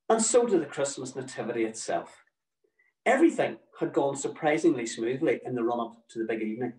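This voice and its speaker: A man's voice: mid-range voice, a little mellow, echoey room, distant mic, low-quality recording. A middle-aged man, telling a personal story to an audience with dry, wry, mock-exasperated humour.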